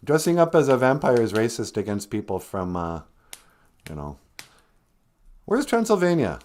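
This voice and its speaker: A man hosting a comedic live stream, joking with viewers, laughing often and making deadpan asides. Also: mid-range voice, moderate pace, pauses often. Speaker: host.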